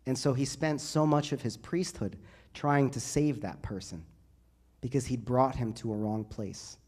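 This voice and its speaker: A man preaches to young people in a church, speaking as their priest. His voice sits at an ordinary middle pitch, and he builds his points through repeated phrases that grow louder and higher. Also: fairly even intonation, unhurried, slightly rough. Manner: builds to loud, rising emphasis in repeated phrases. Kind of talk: sermon to a youth group.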